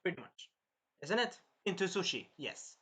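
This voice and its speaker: A man with a high, sharply bright voice talks through an episode recap in a loose, rambling way. He sounds a little tired and keeps circling back with fillers as he goes. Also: sing-song, normal speed, husky. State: tired, clearing his throat. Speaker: anime reviewer.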